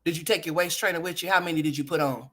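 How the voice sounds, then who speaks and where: A woman's voice: deep voice, very fast, a bit bright. A woman hosting a gossip commentary livestream, profane and trash-talking, laughing often and talking straight to her viewers. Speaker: livestream host.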